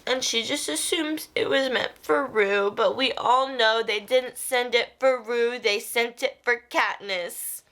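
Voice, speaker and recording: A woman's voice: on the high side, takes it slowly, few pauses, fairly bright tone. A young woman book vlogger chatting casually and animatedly about a novel, often laughing. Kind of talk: casual reading vlog.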